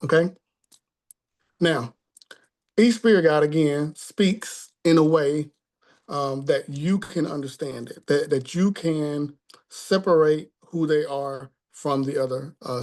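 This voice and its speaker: A man teaching a spiritual class in a conversational tone, often checking in with the listeners. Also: a little high.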